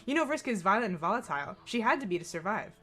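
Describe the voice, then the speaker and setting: A woman streaming a game, reading its narration aloud with animated, laughing asides. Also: medium pitch, racing. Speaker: let's play streamer. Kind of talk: reading a visual novel aloud with commentary.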